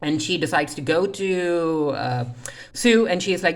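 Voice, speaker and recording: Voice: mid-range voice, normal speed. A reviewer casually recapping a TV episode, retelling scenes loosely with lots of "uh" fillers and paraphrased lines. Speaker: TV series reviewer.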